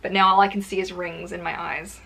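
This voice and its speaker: A woman vlogs casually to camera from a filming corner at home, rambling and using lots of filler words. She speaks briskly at a fairly low pitch, with a level, sharp, creaky tone.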